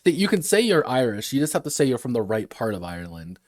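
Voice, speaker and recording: A man's voice: mid-range voice, very animated, quick pace, darkish tone, no room sound, clean studio sound. A man chatting casually on a stream about designing games, rambling, laughing and swearing freely. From United States. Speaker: game designer streaming a workshop.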